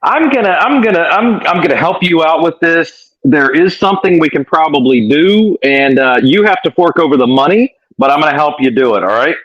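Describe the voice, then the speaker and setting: A man's voice: a little high, animated, a little fast, hardly any pauses, a bit bright, dull audio. A man co-hosting a live stream over a video call, joking and teasing. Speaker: co-host. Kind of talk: casual live-stream chat.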